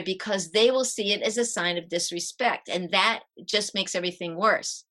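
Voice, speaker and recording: Bright-voiced woman, middle-aged parenting coach. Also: mid-range voice, moderate pace, hardly any pauses. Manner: lively, demonstrating exercises as she explains. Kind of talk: podcast interview guest.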